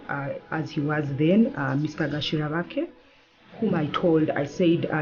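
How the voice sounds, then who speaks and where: A woman lawyer, a guest in an interview, telling a personal story in an animated way and acting out the lines of the people in it. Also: sits low, dull audio. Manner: animated, acts out quoted dialogue.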